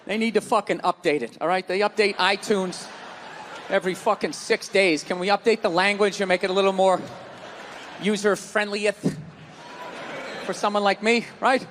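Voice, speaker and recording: A man doing a stand-up comedy set on stage, ranting loudly and cursing freely into a handheld microphone. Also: high voice, fairly even intonation, normal speed, long pauses, long reverb tail, slight background noise. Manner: loud, ranting, profane. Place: stage before a live audience. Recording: live comedy club with audience.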